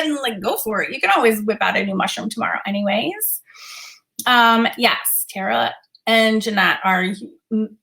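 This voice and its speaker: Young woman, art teacher live from home; bright, animated, chatty with viewers. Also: mid-range voice. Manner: chatty, reads out viewer comments, coos at her dog. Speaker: art teacher hosting a livestream. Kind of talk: casual livestream chat. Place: home studio room.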